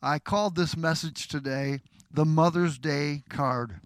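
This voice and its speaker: A middle-aged man preaching as a pastor, speaking warmly and earnestly to mothers. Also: a little high, a little slow, no echo. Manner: tender, heartfelt tribute to his wife. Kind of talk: sermon.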